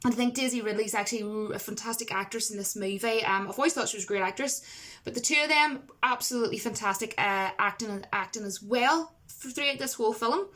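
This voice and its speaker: A woman with a fairly high-pitched voice delivers a casual film review straight to camera. She rambles and restarts, packs in fillers and leans hard on her opinions. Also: fast, fairly bright tone. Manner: rambling, chatty, emphatic, lots of fillers.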